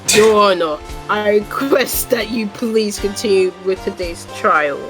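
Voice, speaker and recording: A woman's voice: medium pitch, measured pace, lightly acted. A woman reading a smug, haughty male prosecutor aloud on a stream, with game music behind.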